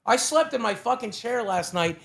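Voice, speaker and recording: A man's voice: very high-pitched, animated, moderate pace, creaky, a bit bright. A man co-hosting a live stream, talking casually, emotional and profane, short on sleep. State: sleep-deprived. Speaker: streamer co-host.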